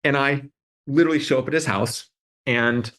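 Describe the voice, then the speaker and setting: A man's voice: medium pitch, moderate pace. A man speaking as an interview guest, telling stories casually and animatedly, with many "like" fillers and restarts. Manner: animated storytelling, acting out quoted voices. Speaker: interview guest, adtech CEO.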